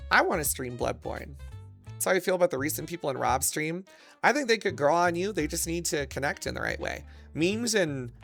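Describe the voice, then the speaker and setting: Gravelly, bright-voiced crude male streamer. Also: a little high. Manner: crude, rambling, excitable bursts. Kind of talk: casual stream chat.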